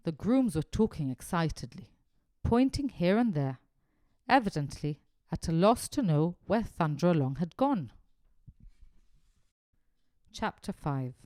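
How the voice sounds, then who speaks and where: Brief: expressive female storybook narrator, varied delivery, dry sound. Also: sits low, measured pace, pauses often, no room sound. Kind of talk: storybook reading.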